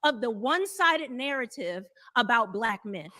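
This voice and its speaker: High-voiced woman, emotional and defensive. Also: lively intonation, normal speed, sharp tone. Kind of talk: emotional panel debate clip.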